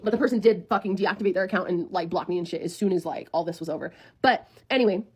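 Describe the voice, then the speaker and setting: A woman's voice: lowish voice, quick pace, husky. A woman in her twenties telling a storytime to viewers in a casual, blunt way, swearing freely and talking like a friend.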